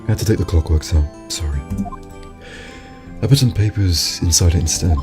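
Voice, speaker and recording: Man voicing calm lawyer sister, gentle, deep low voice, game music behind. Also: moderate pace, close to an everyday voice.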